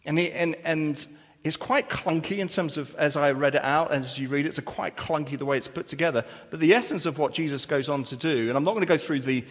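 A man's voice: on the high side, a little fast. A man preaching a sermon as pastor, earnest, with rhetorical questions and repetition. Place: church hall. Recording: long church reverb.

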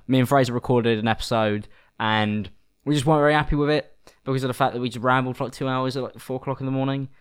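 A man's voice: medium pitch, smooth. A young man hosting his podcast alone, chatting loosely with self-deprecating asides and lots of fillers. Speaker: podcast host. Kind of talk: casual solo podcast chat.

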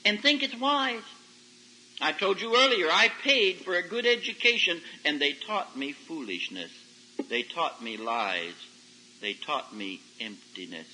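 A man preaching a folksy sermon to young people, telling stories and rising to loud emphatic peaks. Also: fairly high pitch, slight background noise, rough recording. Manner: folksy, animated storytelling with sudden loud rises. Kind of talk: sermon to a youth service. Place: camp meeting service. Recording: old 1990s radio broadcast recording.

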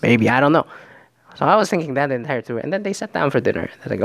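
A man's voice: mid-range voice, sing-song, fast talker, vocal fry, fairly bright tone, no echo. A man casually recapping a reality show, rambling and swearing often, and slipping into voices to mimic the people he quotes.

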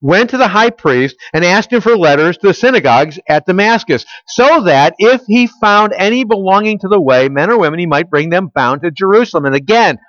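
A pastor with a high, expressive, slightly bright voice preaches quickly with few pauses. He quizzes his listeners and fills in the answers to his own questions. The recording is dry and dull, with a lo-fi quality.

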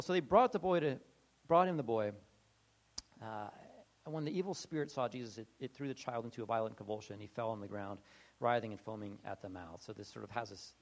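Lively, conversational male preacher. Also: mid-range voice. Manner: conversational, acts out quoted voices, many restarts. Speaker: pastor. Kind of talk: casual sermon.

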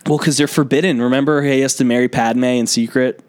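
A man hosting a podcast, recapping a film plot in casual, profane, animated chat. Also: mid-range voice, a little fast. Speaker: podcast host.

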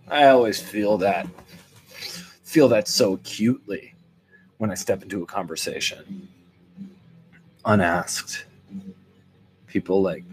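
A man's voice: fairly low pitch, a little hiss or hum. An older man hosting a podcast, telling a rambling, wry comic monologue to his listeners. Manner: rambling, wry, animated swings into quoted voices. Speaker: podcast host. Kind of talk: solo comedic monologue.

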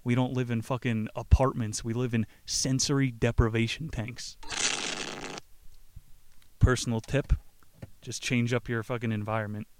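A man's voice: mid-range voice, flat delivery, normal speed, pauses often, a little mellow, a little hiss or hum. A man hosting a podcast, retelling a book casually with swearing, jokes and frequent laughs. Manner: profane, joking, laughs often. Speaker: podcast host. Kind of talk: casual book-summary talk.

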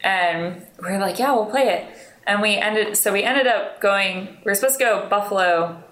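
A woman's voice: mid-range voice, moderate pace, a bit bright. A young woman telling stories in a casual interview, rambling and self-deprecating, laughing often. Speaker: interview guest, musician. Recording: roomy, echoey room.

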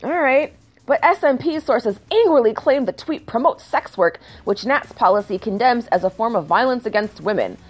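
A woman reads news aloud and cuts in with sarcastic, swear-filled commentary. Her pitch swings widely as she mocks what she reads. Faint music plays underneath. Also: animated, normal speed, hardly any pauses, slightly rough. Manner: sarcastic, swears often, shifts into mock outrage. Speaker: commentator reading news stories. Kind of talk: casual ranting commentary.

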